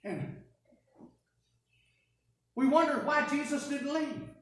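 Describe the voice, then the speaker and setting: A woman preaching a first-person dramatic sermon, telling the story in an animated, wry way. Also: high voice, slow pace. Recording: echoey church from a distance.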